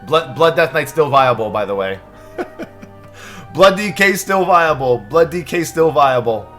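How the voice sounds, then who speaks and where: Excitable, animated male streamer. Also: a little high, faint music behind. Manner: excitable, stressed, swears, thanks subscribers rapidly. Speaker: livestream host. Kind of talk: live reaction stream chatter.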